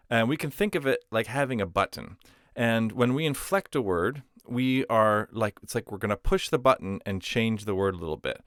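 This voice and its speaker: A man's voice: mid-range voice, fairly bright tone, dry recording, clean studio sound. A man teaching a language lesson, explaining patiently with simple everyday comparisons. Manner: patient, uses simple analogies.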